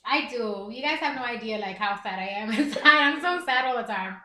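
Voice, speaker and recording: A woman in her thirties chats openly with her livestream viewers, laughing often between thoughts. Her voice sits high and sounds bright and forward. The room around her is echoey. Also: expressive, fairly quick. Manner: candid, chatty, laughs often. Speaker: livestream host. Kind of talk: casual chat.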